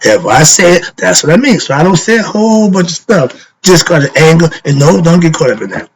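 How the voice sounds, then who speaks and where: A man's voice: a little high, sing-song, brisk, slight background noise, poor audio. Emphatic man teaching with rhetorical questions. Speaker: spiritual teacher. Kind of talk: informal spiritual lesson.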